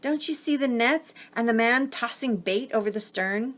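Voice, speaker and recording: A woman's voice: a little high, moderate pace, a bit bright, pitched above the performer's own voice, lightly acted. A woman voicing a grumpy, know-it-all male gull in a storybook, speaking bossily and impatiently. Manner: bossy, impatient.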